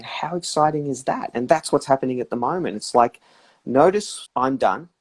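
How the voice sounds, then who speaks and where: Reflective man giving calm advice. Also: mid-range voice, normal speed, breathy edge. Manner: reflective, acts out inner voices. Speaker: guest practitioner. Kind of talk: casual advice chat on a live stream.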